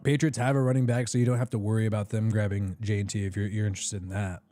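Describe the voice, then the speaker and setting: A man hosting a live draft reaction stream, talking casually and rambling with lots of restarts, his voice a bit hoarse. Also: on the low side, flat delivery, fast, warm tone. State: slightly hoarse.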